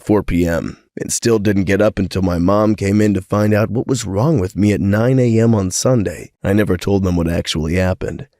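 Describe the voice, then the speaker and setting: A man narrating first-person stories as a story reader, sounding a bit sick with a cold and keeping a steady reading pace. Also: fairly low pitch, no echo, clean studio sound.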